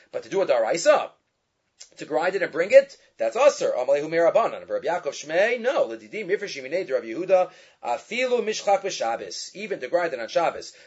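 A man teaching a Talmud lesson, reading the text aloud and translating it in quick, lively explanations with frequent rhetorical questions. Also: on the high side, slightly rough, highs cut off.

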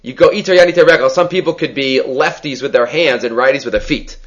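A man teaching a Talmud class, quickly explaining texts and asking questions aloud. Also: medium pitch. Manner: quick, animated, mixes Hebrew and Aramaic terms into English explanation. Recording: lo-fi muffled recording.

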